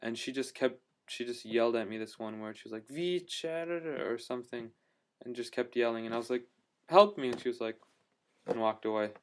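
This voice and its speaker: A man's voice: mid-range voice, level tone, quick pace. A man telling a travel story in a casual video diary, rambling with lots of fillers and restarts, enthusiastic about what he saw. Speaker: travel vlogger.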